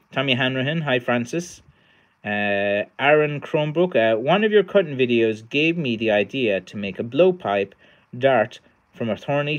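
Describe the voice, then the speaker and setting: With a mid-range, slightly bright voice, this Irish stick maker chats on the livestream he hosts. He's middle-aged and tired, rambling casually with many fillers and restarts.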